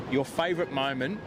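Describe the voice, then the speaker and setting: An Australian man with a rowdy, laughing manner, interviewing passers-by on a busy city street. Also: on the high side. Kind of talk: boisterous street vox pop.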